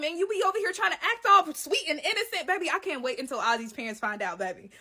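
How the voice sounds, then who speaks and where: Sassy, bright-voiced woman recapping TV. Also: very high-pitched, quick pace, hardly any pauses, slight background noise. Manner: sassy and animated, calls the viewer "baby" and "girl"; dramatic exclamations and side comments. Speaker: TV recap creator. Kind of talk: casual reaction recap.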